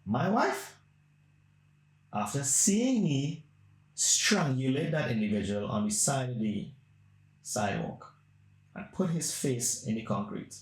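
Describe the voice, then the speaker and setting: A man's voice: mid-range voice, expressive, slow pace, long pauses. A man hosting a podcast, telling a long story in a blunt, crude, rambling way. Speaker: podcast host. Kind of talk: casual storytelling. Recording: roomy echo.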